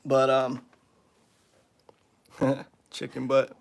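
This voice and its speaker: A man hosting his own live stream, selling slingshots and venting about a customer in casual, animated, slangy talk. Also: medium pitch, drawn-out words, creaky, slight background noise. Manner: animated, aggravated storytelling with lots of "dude" and "bro".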